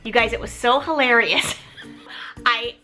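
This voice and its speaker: A middle-aged woman telling a story in a casual, animated way, often talking straight to the viewers. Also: fairly high pitch, measured pace, faint music behind. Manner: animated, chatty, keeps addressing viewers. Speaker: mother telling her story.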